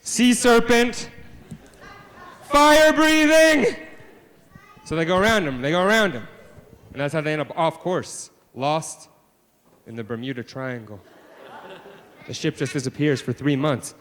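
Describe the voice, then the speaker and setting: Guy spinning a silly tale for kids, kinda high voice, big jumps then deadpan mutters, long echo. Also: normal speed, pauses often. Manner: animated, swings from hushed deadpan asides to loud exclamations. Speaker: children's author presenting. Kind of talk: live storytelling to a family audience. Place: library event space.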